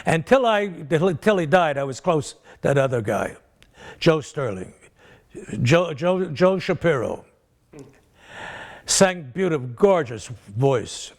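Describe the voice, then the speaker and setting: A man's voice: a little high, sing-song, takes it slowly, long pauses. An older comedian being interviewed, telling rambling anecdotes about his career and acting out the people in them. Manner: rambling comic storyteller who acts out the people in his stories.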